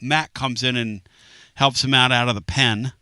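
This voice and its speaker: A man hosting a sports talk radio show, animated and rambling with quick asides and jokes. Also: medium pitch, clear, resonant tone, no room sound. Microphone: studio microphone.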